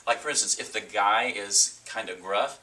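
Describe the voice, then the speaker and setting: A man's voice: fairly low pitch, moderate pace, pushed and bright, far from the mic. A man hosting a casual chat about real estate, joking and teasing his co-host. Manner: jokey, teasing.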